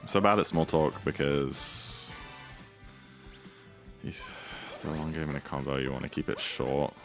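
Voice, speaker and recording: A man's voice: very deep voice, measured pace, fairly bright tone, faint music behind. A man streaming a speedrun, chatting casually and rambling with lots of fillers and playful asides. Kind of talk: casual chat while speedrunning.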